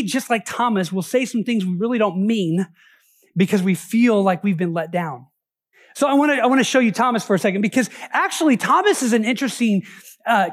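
A male pastor preaching a sermon in an animated way, acting out the voices of the people in his story with big swings in pitch.

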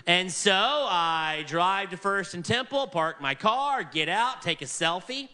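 An animated male preacher tells a long story from the pulpit, voicing each person he meets. His voice sits high and rings bright and clear. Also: unhurried, few pauses. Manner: animated, acts out quoted people in varied voices. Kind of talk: sermon storytelling.

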